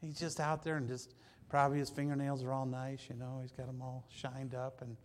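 A man preaching a sermon, telling the story with animated, acted-out scenes that swing from loud to hushed. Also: mid-range voice, brisk.

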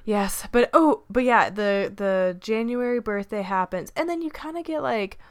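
A woman's voice: on the high side, normal speed, smooth, no echo, clean studio sound. A woman co-hosting a podcast, telling a story playfully in casual chat. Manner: playful storyteller, laughs often.

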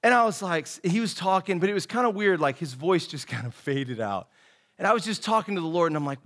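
High-voiced young pastor telling folksy stories. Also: male voice, fairly quick. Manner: folksy storytelling, says "man" and "dude" constantly; animated and earnest. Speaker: associate pastor. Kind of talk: casual devotional sermon.

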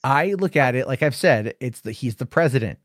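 A man's voice: medium pitch, expressive, brisk, no echo, studio quality. An American man in his thirties, hosting a casual debate chat and rambling with many hesitant restarts. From United States. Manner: rambling, hesitant, self-correcting.

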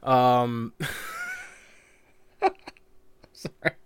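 A man's voice: mid-range voice, huge pitch swings, extremely slow, a bit bright, smooth, no room sound, studio quality. A man co-hosting a podcast in casual chat, rambling, laughing often and swearing casually. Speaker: podcast co-host.

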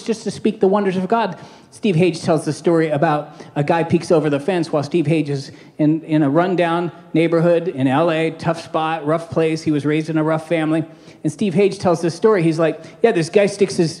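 A man preaching as a pastor in a casual, joking sermon style, with quick asides and call-outs to the congregation. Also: high voice, mellow.

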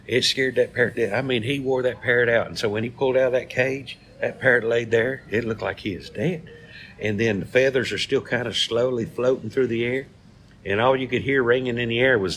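A man's voice: medium pitch, fairly even intonation, fairly quick, a bit bright, a little hiss or hum. A man, co-hosting a casual chat and telling jokes in a folksy way. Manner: folksy storyteller. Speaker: co-host.

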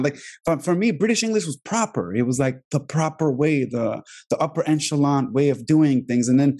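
Albanian-born male host, casual interviewer, relaxed, mid pitch. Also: a little fast, breathy edge. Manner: relaxed, frequent short backchannels.

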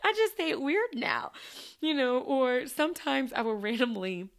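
A woman's voice: high-pitched, sing-song, moderate pace. Chatty woman who laughs a lot. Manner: chatty, laughs often, rambling with restarts. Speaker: podcast host and former teacher. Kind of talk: casual chat.

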